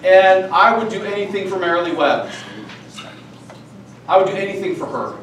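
Man, higher-pitched voice, earnest teacher-training presenter, heard from a distance in an echoey room. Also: normal speed, fairly bright tone. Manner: earnest and candid, with personal stories. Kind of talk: professional development talk to teachers. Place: school meeting room. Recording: echoey room from far off, faint noise.

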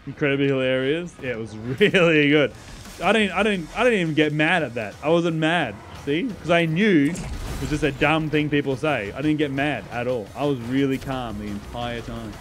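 Man, game streamer, sarcastic banter, frequent laughs, slightly high voice, faint music underneath. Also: expressive, normal speed, a bit bright. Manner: joking, sarcastic banter with chat, laughs often. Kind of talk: casual live-stream gaming chat.

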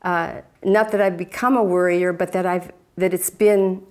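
A woman's voice: on the low side, fairly even intonation, moderate pace, a little mellow. A woman talking candidly and reflectively about faith and her marriage in casual conversation. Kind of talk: casual testimony.

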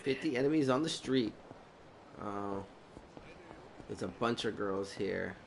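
A man's voice: on the low side, animated, measured pace, gravelly, slight background noise. A man streaming a video game live, chatting casually in a crude, joking way and swearing often.

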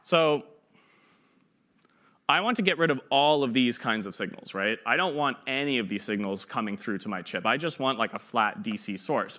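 Bright-voiced young man lecturing casually. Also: medium pitch. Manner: chatty, uses playful analogies, frequent "right?". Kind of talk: informal classroom lecture. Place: lecture room.

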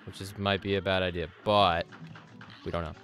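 A man streaming a game live, rambling excitedly to chat, swearing often and making fun of himself. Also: deep voice, normal speed. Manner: sudden yelps at the game. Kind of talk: casual live-stream chatter.

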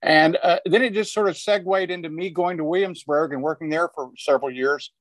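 An older man tells a meandering story on a video call, with many restarts and small chuckles. His voice sits unusually high for a man. The sound is dry and close. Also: brisk, no room sound. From Arkansas. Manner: rambling, restarts often, chuckles while telling. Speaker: panelist. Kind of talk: conversational storytelling.

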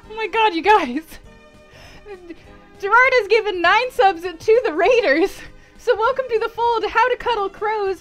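A woman's voice: very high-pitched, a bit bright. A woman livestreaming, giggling and gushing as she thanks viewers and reads out long lists of names.

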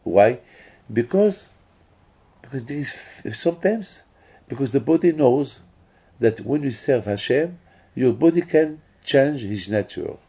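Gravelly rabbi preaching. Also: male voice, mid-range voice, lively intonation, measured pace, warm tone. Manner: emphatic, repetitive preaching with restarts. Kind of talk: sermon. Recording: dull lo-fi recording.

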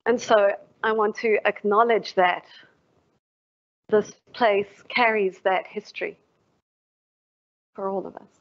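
A woman's voice: medium pitch, steady tone, slow, pauses often. A woman professor giving a formal lecture, reflective and asking the audience questions. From South Africa. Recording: dull lo-fi livestream audio.

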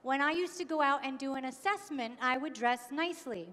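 High-voiced woman giving a keynote. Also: a little fast, a bit bright. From New York. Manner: engaging, asks the audience questions. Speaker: keynote speaker. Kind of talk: conference keynote talk. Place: conference hall. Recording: long hall reverb.

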